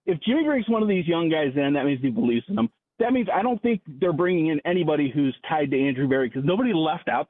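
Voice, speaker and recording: Male caller, sarcastic rant, husky voice, thin phone-line sound. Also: on the high side, no room sound. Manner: sarcastic, ranting. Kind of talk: sports radio call-in.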